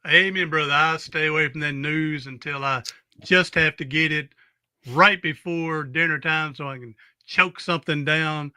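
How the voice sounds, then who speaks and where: A man's voice: fairly high pitch, fairly even intonation, moderate pace, sharp tone, smooth, no echo, studio quality. A man with a Southern US accent hosting a podcast in casual interview chat, drawling and chatty. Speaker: podcast host.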